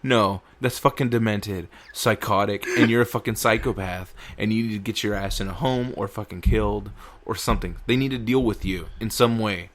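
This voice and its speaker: A man co-hosting a podcast in casual chat, crude and animated, swearing a lot and tripping over his words. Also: fairly low pitch, normal speed. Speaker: podcast co-host.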